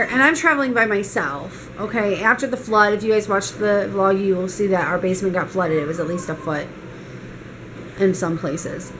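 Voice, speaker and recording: A young woman vlogging, retelling a bad weekend in an animated, exasperated way. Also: mid-range voice, slight background noise, rough recording. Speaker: mom vlogger. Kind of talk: casual storytime vlog.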